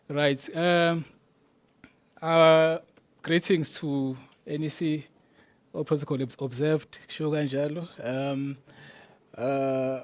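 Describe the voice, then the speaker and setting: A man's voice: a little high, little pitch movement, slow, long pauses. South african guy from kzn, provincial secretary at a conference, drops zulu words into his english. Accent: South African, KwaZulu-Natal. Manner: slogan-chanting, mixes isiZulu into English. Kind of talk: conference address.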